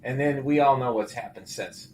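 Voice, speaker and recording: A middle-aged man hosting casual market commentary, animated and exclaiming as he walks through figures. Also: mid-range voice, normal speed, a little hiss or hum. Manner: animated, exclaiming and laughing at the numbers. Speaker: show host.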